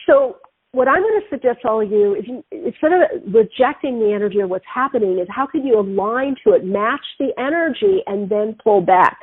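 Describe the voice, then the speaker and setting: A middle-aged woman hosting a spiritual radio talk show, telling stories in an animated way. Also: a little high, a little fast, slightly rough, no echo. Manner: animated, acts out quoted voices. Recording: tinny phone-line sound, dry.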